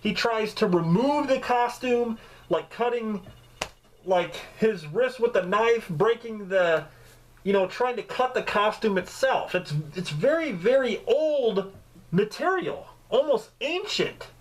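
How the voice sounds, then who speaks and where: Animated, profane man reviewing a movie. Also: high-pitched, takes it slowly, low-quality recording. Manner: profane, joking, animated storytelling. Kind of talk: casual movie review vlog.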